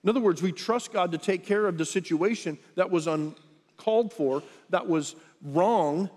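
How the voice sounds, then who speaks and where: Male pastor, sermon delivery, slightly higher voice, conversational, long hall reverb. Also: normal speed. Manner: conversational, with lively acted quotes.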